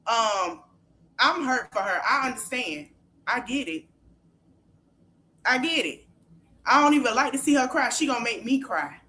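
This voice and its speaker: A woman hosting a podcast livestream, ranting heatedly and profanely, repeating herself and shouting at times. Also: a little high, animated, measured pace, long pauses, slight background noise. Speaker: podcast host. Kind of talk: angry livestream rant.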